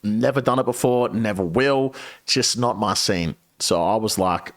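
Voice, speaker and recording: A man streaming and telling a long story to his chat, casual and profane, with lively shifts into the voices of the people he quotes. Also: unhurried. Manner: animated, profane, swings pitch when quoting people.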